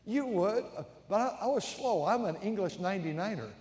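A man in his seventies, an American pastor, tells a sermon story briskly in a high, expressive voice with a dark edge, stumbling into repeats and acting out others' lines. The recording echoes with the reverb of a large church sanctuary.

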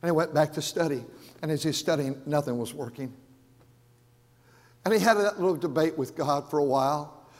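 A man preaching as the pastor of his church, earnest and stumbling over repeated words, rising loud and then dropping to a hush. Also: on the high side, moderate pace, pauses often. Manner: earnest, repeats and restarts words, swings from raised to hushed. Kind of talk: sermon. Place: large church sanctuary. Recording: long hall reverb.

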